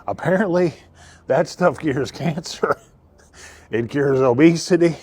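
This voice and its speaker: A man, a car dealership owner rambling through a joking commercial pitch and laughing at his own jokes. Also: takes it slowly, darkish tone, slightly rough. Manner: rambling, laughs often, self-interrupting. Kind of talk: joking improvised commercial spiel.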